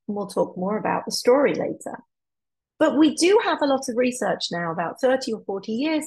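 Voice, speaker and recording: A woman's voice: medium pitch, gravelly, a little mellow, slightly rough, rough recording. A woman child psychologist gives a webinar talk to parents on a computer mic, explaining her points and acting out example dialogues. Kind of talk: lecture to parents.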